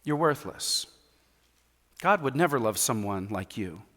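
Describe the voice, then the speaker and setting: A man's voice: medium pitch, lively intonation, a little slow, fairly bright tone, voice pushed down. A man voicing Satan as a contemptuous, accusing spirit, speaking in a sneering, belittling way. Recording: reverberant church hall.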